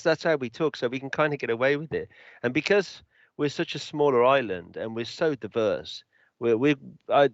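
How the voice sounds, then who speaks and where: An English man with a Birmingham-tinged accent chats casually on a podcast, spinning stories in British slang. His voice sits in a middle pitch. The sound is dry and a little dull, like a home mic. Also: dry recording. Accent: Birmingham English, mixed with London. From England. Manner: chatty storyteller, uses British slang. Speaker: podcast co-host. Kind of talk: casual chat.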